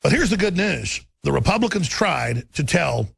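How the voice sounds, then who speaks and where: A man's voice: on the high side, big pitch swings, normal speed, vocal fry, a bit bright, slightly rough, no echo. A middle-aged man, hosting a political talk radio show in an intense, ranting, emphatic way. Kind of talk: political commentary broadcast.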